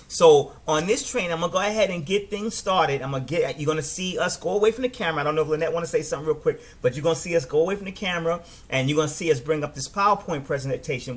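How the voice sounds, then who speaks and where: A middle-aged man with a New York accent, giving a casual, animated business training talk and often restarting his words. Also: on the high side, fast talker, few pauses. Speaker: network marketing trainer.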